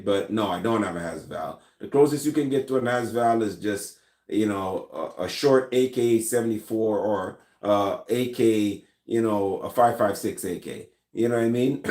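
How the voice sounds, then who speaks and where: A Jamaican man chats casually with his viewers and answers their comments. He rambles along loosely and restarts his sentences often. His mid-pitched voice rings out in an echoey room. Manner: relaxed, rambling, many fillers and restarts. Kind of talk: casual live chat. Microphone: recorded in a room with his gun collection.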